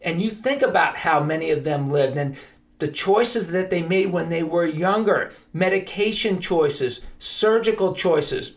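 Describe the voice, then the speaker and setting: A man's voice: on the high side, a little slow. A man hosting a podcast, telling stories in an earnest, emphatic monologue. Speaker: podcast host.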